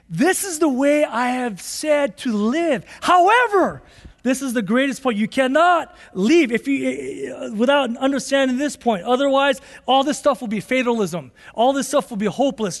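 A man preaching a sermon as pastor, emphatic and repetitive, rising to excited bursts. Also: extremely high pitch, long reverb tail.

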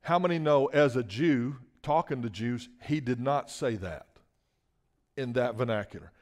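A man preaching a sermon, moving between hushed asides and loud emphatic bursts and calling out to the congregation for a response. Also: mid-range voice, moderate pace.

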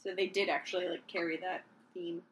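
A woman's voice: fairly low pitch, brisk. A woman co-hosting a podcast, chatting casually and giggling often. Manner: giggly, lively, often laughing. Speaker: podcast co-host. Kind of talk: casual chat.

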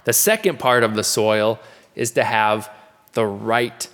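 A man preaching a sermon in an earnest, conversational teaching manner, slowing down to repeat key questions. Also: fairly low pitch, a bit bright, in a large hall.

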